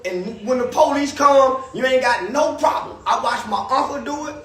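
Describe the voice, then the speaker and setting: A man telling profane stories in an animated, ranting monologue with loud outbursts. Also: extremely high pitch, moderate pace, echoey room. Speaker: commentator.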